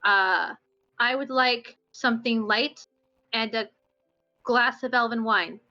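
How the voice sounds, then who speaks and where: A woman's voice: on the high side, takes it slowly, pushed and bright, dull audio, soft background music. A woman voicing a picky tavern patron who hesitates and dithers over the order. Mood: dainty.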